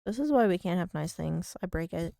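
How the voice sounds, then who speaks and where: A young woman game streamer rambles casually from home, playing up little mock-whiny complaints and poking fun at herself. Her voice sits low for a woman and has a gravelly fry to it. The sound is dry, with no room echo. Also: animated, a little fast, warm tone. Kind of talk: casual live-stream chat.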